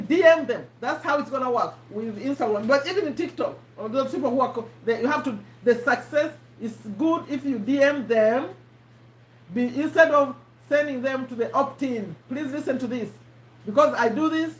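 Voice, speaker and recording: High-voiced woman teaching on a live stream. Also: moderate pace, echoey room, rough recording. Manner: chatty, repeats herself, quizzes her audience. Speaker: host teaching online marketing.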